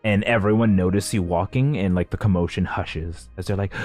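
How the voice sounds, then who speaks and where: A man narrating a tabletop game as game master, describing scenes haltingly with many restarts. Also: sits low, darkish tone, faint music behind.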